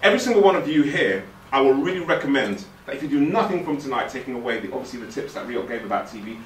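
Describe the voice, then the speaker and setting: A man's voice: mid-range voice, a bit bright, recorded from a distance, slight background noise. A man, giving a playful, direct motivational talk to a youth forum audience. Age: 40s. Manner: joking, direct and playful, puts on slangy voices. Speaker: motivational speaker. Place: event hall with a live audience. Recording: echoey hall, speaker away from the mic.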